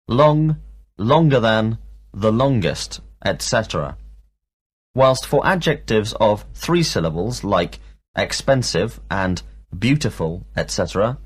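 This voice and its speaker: A male teacher runs a scripted language drill at a very slow pace. His voice is husky, and his pitch moves a lot as he stresses each word. He breaks words into syllables with care. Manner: slow, deliberate, sounds out syllables. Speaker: English teacher.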